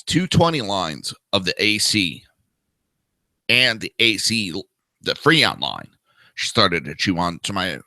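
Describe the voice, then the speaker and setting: A man's voice: on the low side, bright, forceful tone, dry recording. A man in his thirties hosting a talk show, giving crude, profane and sarcastic ranting commentary.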